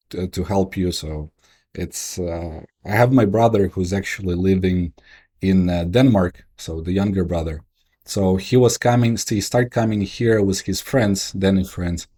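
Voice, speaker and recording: A man with a Ukrainian accent, a guest investor telling stories in a casual, halting way with many restarts. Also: fairly low pitch, mellow. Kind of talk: casual interview storytelling.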